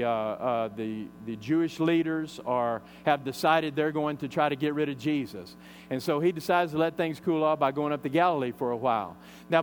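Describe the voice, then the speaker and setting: A man preaches in a slightly high voice. He retells a scripture story in a loose, conversational way, with frequent fillers. A faint mains hum sits under the recording. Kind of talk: sermon retelling a Bible story.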